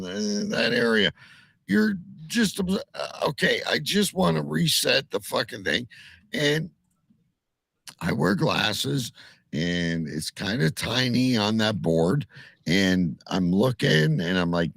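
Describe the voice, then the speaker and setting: A middle-aged man co-hosting a casual chat, telling animated stories and swearing freely. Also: lowish voice, takes it slowly, vocal fry, no echo.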